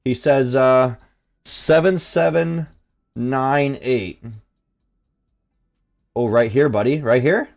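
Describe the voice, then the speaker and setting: A young man from Canada hosting a live trading stream, chatting casually, reading chat aloud and swearing when excited. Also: medium pitch, slow pace, vocal fry, pauses often. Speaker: livestream trading host.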